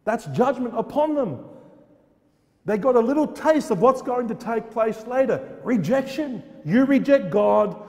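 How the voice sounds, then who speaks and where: A man's voice: very high-pitched, lively intonation, moderate pace, vocal fry, few pauses, a little mellow, big-room sound. A man preaching a fervent sermon in a church, repeating phrases and firing off rhetorical questions.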